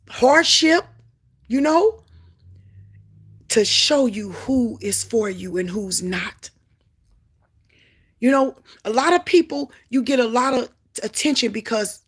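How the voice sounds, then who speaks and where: A woman with a high, husky voice delivers a Christian testimony like a sermon. She is fervent and repeats her points for emphasis. Her delivery swings between loud exclamations and quiet, low asides. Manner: emphatic repetition. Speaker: Christian author sharing testimony. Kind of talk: preaching testimony to camera.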